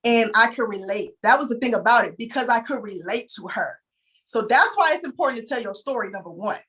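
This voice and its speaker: A woman's voice: fairly high pitch, lively intonation, brisk, bright, forceful tone. A young adult woman from Houston, telling her story candidly and with emotion in a casual interview. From Houston, Texas. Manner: emotional, candid, addresses listeners as "y'all".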